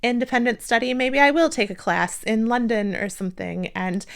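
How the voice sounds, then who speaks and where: A young woman from the United States vlogs to the camera, her somewhat high voice bright, clean and touched with vocal fry, moving at a moderate pace. Casual and self-deprecating, she laughs often and keeps saying "like."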